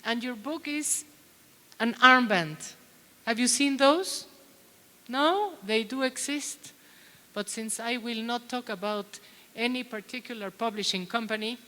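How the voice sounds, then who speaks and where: A woman's voice: a little high, unhurried, pauses often, pushed and bright. A middle-aged woman giving a conference talk to teachers, chatty and quizzing the audience. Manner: chatty, asks the audience questions. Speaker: plenary speaker at a teachers' conference. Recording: long hall reverb.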